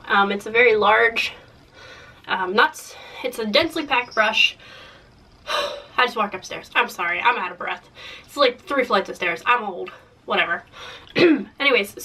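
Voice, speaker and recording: A young woman getting over a cold, chatting casually to camera about makeup, rambling and self-deprecating, clearing her throat often. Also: on the high side, pushed and bright, recorded from a distance, rough recording. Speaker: beauty vlogger. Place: room in a house.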